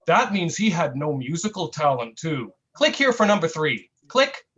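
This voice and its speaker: A man at an online open mic, reading a comic piece in a mock-earnest, satirical way and drawing out his deadpan asides. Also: a little high, normal speed, dull audio. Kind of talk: comic spoken-word reading.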